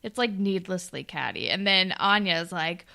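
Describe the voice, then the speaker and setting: A woman's voice: fairly low pitch, normal speed, vocal fry, bright, forceful tone. A woman co-hosting a podcast, chatting casually and swearing, quoting characters in mocking voices. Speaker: podcast co-host. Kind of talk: casual chat recapping a TV episode.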